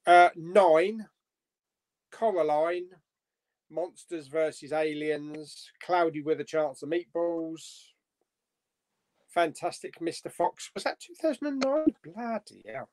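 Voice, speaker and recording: A man, a guest on a casual live-stream chat, lively and reading out viewer comments. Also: on the high side, takes it slowly, no echo.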